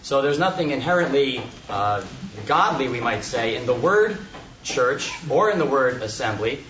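A man giving unscripted Bible teaching at a meeting, in a measured, thoughtful way with frequent pauses and restarts. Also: mid-range voice, animated, a bit bright. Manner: measured, thoughtful, with many hesitations. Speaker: Bible study speaker. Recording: echoey, distant, muffled, noisy room recording.

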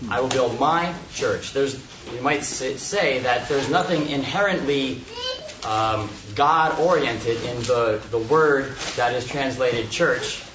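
A man giving unscripted Bible teaching at a meeting, in a measured, thoughtful way with frequent pauses and restarts. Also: medium pitch. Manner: measured, thoughtful, with many hesitations. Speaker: Bible study speaker. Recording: echoey, distant, muffled, noisy room recording.

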